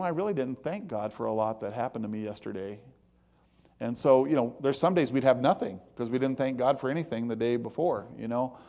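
A man's voice: mid-range voice, warm tone. A man giving a conversational devotional sermon in a folksy, plain-spoken way, with self-mocking asides. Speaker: preacher.

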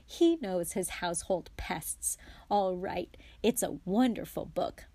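A woman's voice: on the low side, animated, slow pace, dark tone, husky, dry recording, heavily acted. A woman reading aloud as a stern middle-aged mother who scolds her sons and fusses over a guest. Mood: fond. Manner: scolding, snappish, then fond.

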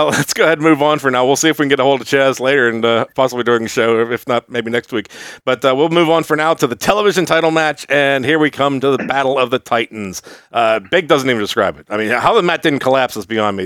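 A man's voice: mid-range voice, a bit bright, no echo, studio quality. Laid-back male wrestling show host. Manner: laid-back, laughs often, loose fillers. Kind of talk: comedic commentary.

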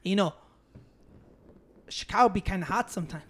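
A man's voice: sits high, normal speed, slightly rough. A man telling stories in a casual chat, slangy, profane and joking. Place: Chicago.

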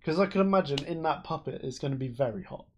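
A man's voice: fairly high pitch, animated, quick pace, dull audio. A man, co-hosting a podcast and explaining things at length in casual chat, with lots of fillers. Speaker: podcast co-host.

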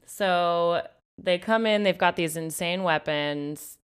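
A woman's voice: fairly low pitch, takes it slowly, smooth. A woman co-hosting a podcast, chatting animatedly about a book and its film, full of "like" fillers. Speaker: podcast co-host. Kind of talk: casual book-and-film discussion.

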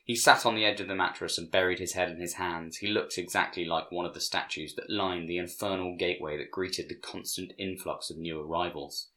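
A man narrating a story in a measured way, dropping to a hush for the quoted lines. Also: low-pitched, fairly even intonation.

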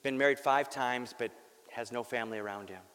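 Earnest pastor preaching in a reverberant hall. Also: male voice, mid-range voice, a little fast, a bit bright. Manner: earnest, candid, wry jokes, repeats words. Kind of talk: sermon with personal story. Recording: long reverb of a large hall.

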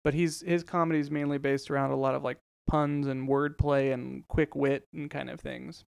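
A man's voice: mid-range voice, level tone, moderate pace, creaky, clean tone, no echo, clean studio sound. A man co-hosting a podcast in casual chat, explaining at length with many fillers. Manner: explains at length with many ums and you-knows. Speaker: podcast co-host.

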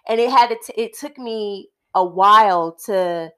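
A woman co-hosting a casual conversational podcast, speaking in a thoughtful, measured way with frequent pauses. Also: medium pitch, fairly bright tone. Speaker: podcast co-host.

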